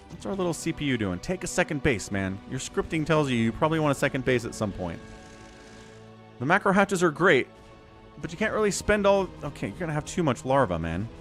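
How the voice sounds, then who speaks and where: A man calls a strategy game on a live stream, his pitch swinging up and down a lot as he answers chat and jokes between plays. Faint music plays softly behind him. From Utah, USA. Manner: chatty and animated, answers chat between play calls, jokey. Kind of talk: live game commentary chatting with viewers.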